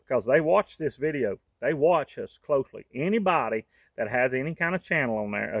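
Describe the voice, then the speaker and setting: A man's voice: mid-range voice, dry recording. A man, from the United States, giving a fervent, folksy monologue to camera as a vlogger.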